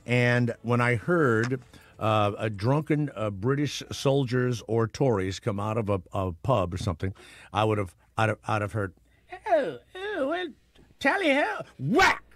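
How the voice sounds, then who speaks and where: A man's voice: on the low side, moderate pace. A middle-aged man hosting a morning radio show, rambling and sarcastic, with lots of restarts and asides.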